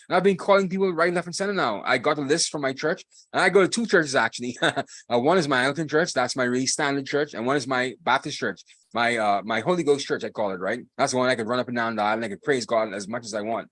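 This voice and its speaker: A man's voice: mid-range voice, fast talker, no echo. A man hosting a live podcast, talking in a casual monologue, emphatic and repeating phrases for force. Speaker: podcast host.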